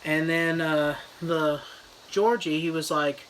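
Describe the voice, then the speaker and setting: A man's voice: a little high, steady tone, slow pace, a bit bright, a little hiss or hum, rough recording. A man retelling a story as a mock review, in a loose, rambling style full of fillers. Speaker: comedy reviewer.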